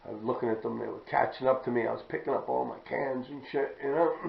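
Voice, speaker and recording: A man with a heavily gravelly, rough-edged voice spins casual stories, swearing freely and clearing his throat again and again. His tone sits in a middle register. It sounds like a roomy space on a dull, muffled lo-fi recording. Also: medium pitch, quick pace. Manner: profane, rambling, clears throat often. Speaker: graffiti writer telling stories. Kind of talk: casual storytelling.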